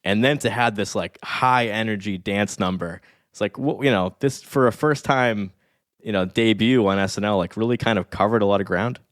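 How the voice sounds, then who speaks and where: A man in his thirties talks through a casual podcast chat, rambling and eager. His voice sits a little low and comes out smooth and resonant. The close mic gives a dry sound with no room behind it. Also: normal speed, no echo. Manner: enthusiastic, reflective, rambling. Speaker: podcast guest, statistics expert.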